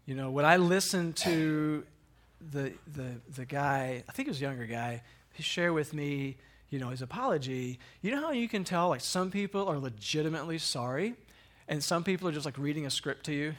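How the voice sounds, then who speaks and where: A man's voice: fairly high pitch, moderate pace, fairly bright tone. A man in his thirties casually telling a personal faith story, rambling a little with fillers and laughing at himself. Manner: conversational, rambling, frequent fillers and restarts; self-deprecating, chuckles at himself. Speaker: speaker sharing a personal story.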